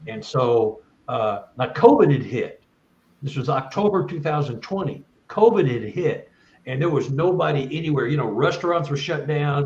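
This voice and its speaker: A man's voice: on the high side, darkish tone, reverberant, muffled recording. A man, a guest speaker, telling a long first-person story in an earnest, rambling way with many restarts.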